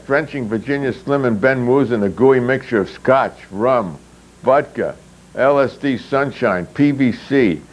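A man reading his own satirical novel aloud in a low, deadpan, unhurried manner. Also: low-quality recording.

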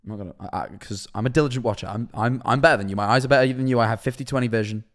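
A young man chatting on a live stream from his kitchen, telling a rambling, animated story and answering chat. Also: medium pitch, very fast. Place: kitchen at home.

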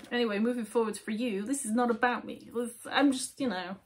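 A woman giving a casual, chatty tarot reading, with many fillers and soft, near-whispered asides. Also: on the high side, a little fast, few pauses. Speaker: tarot reader.

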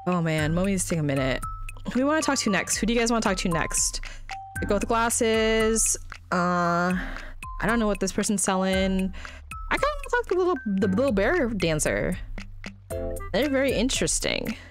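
A woman's voice: mid-range voice, normal speed. A young woman streaming a video game, chatting casually, laughing often and reading dialogue aloud. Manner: giggly, excitable, often laughing. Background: game music.

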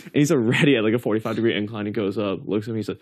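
A man's voice: lowish voice, rapid-fire, no echo, clean studio sound. A young man animatedly telling a funny story to friends in casual chat, acting out quotes and laughing often. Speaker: storyteller among housemates.

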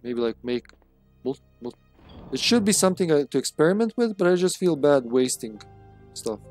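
A man's voice: on the high side, very animated, normal speed, a little mellow, faint music behind. A man streaming a live game, commenting casually with joking, sarcastic remarks and chatting with his viewers.

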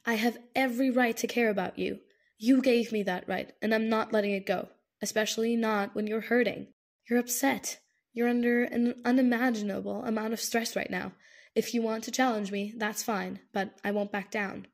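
A woman's voice: fairly high pitch, steady tone, normal speed. A woman reading an audiobook, voicing a protective young man who speaks firmly and earnestly. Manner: firm, insistent, earnest. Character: firm, caring young man, protective and stubborn. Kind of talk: audiobook character voice.

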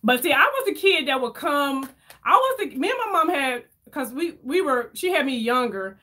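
A woman chatting casually with her viewers while doing her makeup, telling stories in an animated way and reading their comments aloud. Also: high voice, moderate pace. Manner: chatty, animated storyteller, addresses viewers as y'all. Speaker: beauty vlogger reading live chat.

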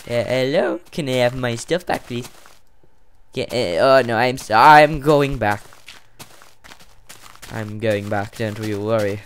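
A man giving casual gameplay commentary, excitable and jumpy, rambling and yelping as he plays. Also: mid-range voice, slow, pauses often, a little hiss or hum. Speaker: let's play gamer.

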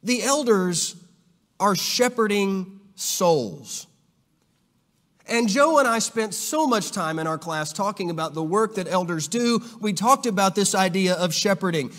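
High-voiced man preaching in an echoing hall. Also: lively intonation, measured pace, fairly bright tone. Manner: earnest, repeats words when restarting. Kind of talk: sermon. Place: church auditorium. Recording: long reverb of a church hall.

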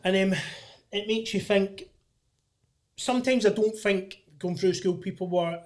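A young Scottish man hosting a podcast, chatting casually and telling lively stories. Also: high-pitched, a little slow. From Scotland. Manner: animated storytelling, mimics others' voices. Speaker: podcast host. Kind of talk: casual chat.

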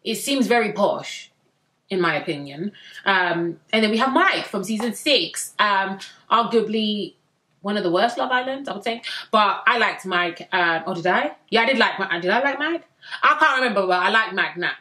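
A young woman reviewing a reality dating show in a chatty, slangy way, with sudden excited bursts. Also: medium pitch, moderate pace. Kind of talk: casual recap vlog.

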